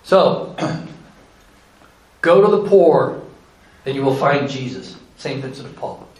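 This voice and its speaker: A man's voice: mid-range voice, expressive, takes it slowly, a little mellow. Earnest man presenting in an echoey room. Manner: storytelling, folksy and earnest. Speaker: charity presenter. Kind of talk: presentation to an audience. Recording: echoey room with faint ambience.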